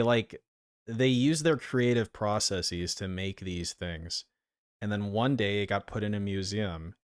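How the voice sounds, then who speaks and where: A man streaming, reacting to videos in crude, sarcastic, swearing commentary. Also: on the low side.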